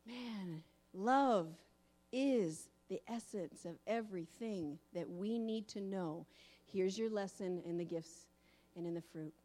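A woman preacher giving a sermon in an animated storytelling manner. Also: mid-range voice, slow.

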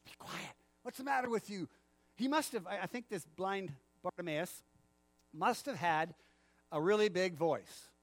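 A man preaching a sermon in a church, animated, acting out the quotes and laughing often. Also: high voice, no room sound. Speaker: pastor.

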